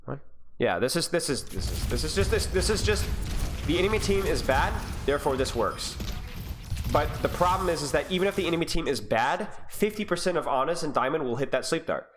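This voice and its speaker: Sick guy coaching over a replay, kinda high voice, exasperated and teasing, faint hiss behind. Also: lively intonation, fairly quick. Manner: exasperated, teasing, rises higher when frustrated. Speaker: game coach. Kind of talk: gameplay review commentary.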